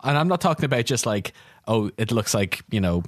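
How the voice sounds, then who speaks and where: A man co-hosting a casual podcast, his voice sitting at an ordinary middle pitch. He rambles through jokey stories and puts on mock outrage. The recording is dry and close, with no room sound. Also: very animated, fairly quick, no echo. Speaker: podcast co-host. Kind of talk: casual comedic chat. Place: London.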